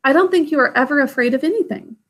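A woman's voice: sits high, fast, pitched above the performer's own voice. A woman reading aloud, voicing an eager young princess who asks her grandmother questions. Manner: pleading, questioning.

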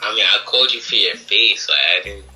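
A man's voice: on the low side, a little fast, pushed and bright, faint music behind, rough recording. A man on a video call, wary and suspicious, hesitating as he talks. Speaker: prank target on a call.

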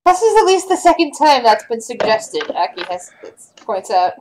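A woman narrating as game master of an online tabletop game, halting and restarting as she describes scenes. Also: fairly high pitch, sing-song, noisy background.

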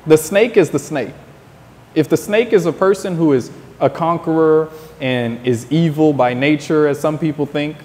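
A man's voice: fairly high pitch, a little mellow, big-room sound. A man from the United States, interviewed outdoors, talking in a passionate, preachy monologue that keeps repeating its points. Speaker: interview guest.

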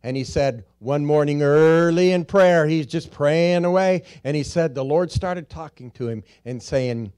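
A man preaching a church sermon, slowly drawing out key words, rising to loud emphatic peaks and dropping to quiet, low stresses. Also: lively intonation. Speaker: pastor. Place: church sanctuary.

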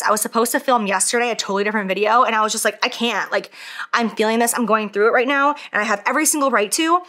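A woman in her thirties speaks straight to camera in a casual beauty vlog, doing her makeup as she talks. Her voice is bright and forward, and her speech runs candid and emotional, full of "like" fillers and restarts. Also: fairly high pitch, quick pace. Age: 30s. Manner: talks while applying makeup. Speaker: beauty vlogger.

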